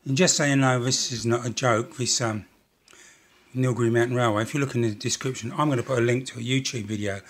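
A man's voice: mid-range voice, fairly even intonation, fast talker. An older man chatting casually as he narrates building a model railway kit, rambling and self-deprecating.

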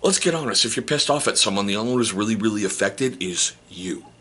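A man in his forties with a fairly low, husky voice and a forceful, bright edge. He talks to camera in a candid, casual vlog style, tossing in teasing asides and rhetorical questions. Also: animated, fast talker. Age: 40s. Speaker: vlogger. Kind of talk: casual self-help talk to camera.

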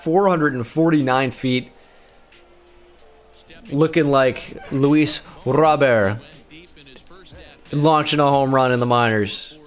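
A young man giving sarcastic play-by-play commentary over his own baseball video game, bursting into shouts of excitement. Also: fairly high pitch. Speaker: gaming YouTuber. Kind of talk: gameplay commentary. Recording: game music faintly behind.

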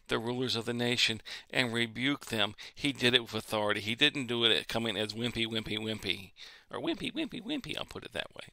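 A man's voice: mid-range voice, sharp tone, no echo. A man preaching a sermon in an earnest way, repeating phrases to build emphasis.

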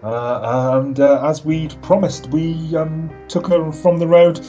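A man voicing a polite, hesitant adventurer with formal, halting speech, on a dull lo-fi recording. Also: a little high, fairly even intonation, mellow, soft background music, voice pushed up. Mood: earnest. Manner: formal, halting, many restarts.

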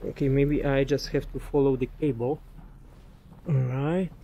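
A man's voice: mid-range voice, steady tone, measured pace, dark tone, slight background noise. A young man giving casual let's-play commentary, chatting to enemies and muttering asides to himself. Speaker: gaming commentator.

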